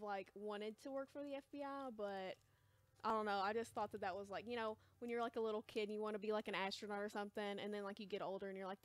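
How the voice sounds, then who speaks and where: Hesitant young woman, crisp dry voice. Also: medium pitch, dry recording. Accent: American. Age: young adult. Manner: hesitant, rambling, says she is quiet and awkward. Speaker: shop livestream seller. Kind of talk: casual livestream chat. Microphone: close mic, chewing gum.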